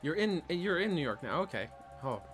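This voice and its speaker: A man's voice: on the high side, very animated, moderate pace, fairly bright tone, faint music behind. A man streaming a video game, chatting casually with viewers and joking along.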